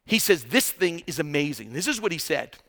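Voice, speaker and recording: A man preaching with lively, bright energy, his voice sitting high for a man. He tells stories with humor, acts out quotes in character, and swings between hushed moments and sudden loud bursts. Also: brisk, creaky, big-room sound. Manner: humorous storytelling. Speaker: guest pastor. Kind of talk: sermon.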